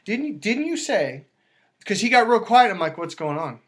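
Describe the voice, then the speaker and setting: A man talking as a dating coach, emphatic and lively, acting out quoted voices as he explains. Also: sits high, moderate pace. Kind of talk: animated coaching talk.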